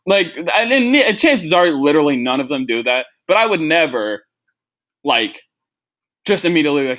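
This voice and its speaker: A young adult podcast host with a slightly high, sing-song, brisk and somewhat bright voice delivers a casual comedy monologue. He rambles, pokes fun at himself and leans heavily on "like."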